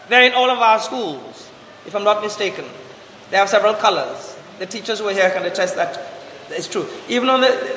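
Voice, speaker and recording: A priest preaching a sermon, asking repeated rhetorical questions and drawing out slow, emphatic commands. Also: male voice, high voice, sharp tone, reverberant, long reverb tail, a little hiss or hum, low-quality recording.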